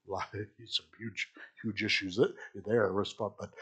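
A man's voice: medium pitch, animated, moderate pace. A man teaching an informal Bible class, chatty and self-mocking, who laughs at his own jokes and reads scripture aloud.

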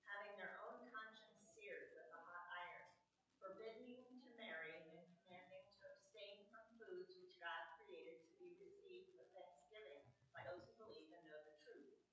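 Bright-voiced woman reading aloud. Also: mid-range voice, very animated, normal speed. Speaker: class member reading aloud. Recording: echoey, distant, dull sound.

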